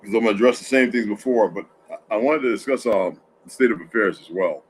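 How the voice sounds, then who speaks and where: A man's voice: fairly low pitch, fast talker, a little hiss or hum, poor audio. A man hosting a casual livestream from home, tired and yawning, talking in a rambling way with many restarts and asides to chat. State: sleepy, yawning. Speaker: livestream host.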